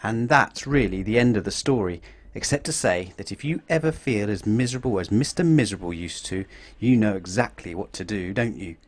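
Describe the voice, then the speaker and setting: A man's voice: fairly low pitch, expressive, brisk. Man reading a children's book aloud. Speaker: children's story reader.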